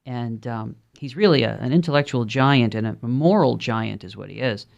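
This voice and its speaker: A man's voice: mid-range voice, moderate pace, creaky, dull audio. A man with a Brooklyn accent hosting a call-in radio talk show, speaking in a conversational, rambling way with frequent ums and uhs. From Brooklyn, New York.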